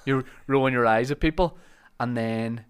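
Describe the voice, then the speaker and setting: A man in his thirties hosts a relaxed podcast chat. He spins anecdotes with energy, lifting into excited bursts, at an ordinary middle pitch. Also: moderate pace, smooth. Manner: animated anecdote teller, acts out shouted quotes. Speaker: podcast host.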